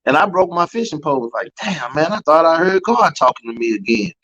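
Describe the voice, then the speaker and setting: Interview guest, man with a New Orleans accent, fairly high voice, storytelling testimony that acts out quoted voices. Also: big pitch swings, fast, fairly bright tone, dull audio. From Louisiana. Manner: storytelling, acting out quoted voices, frequent "man" and "you know". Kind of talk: emotional personal testimony.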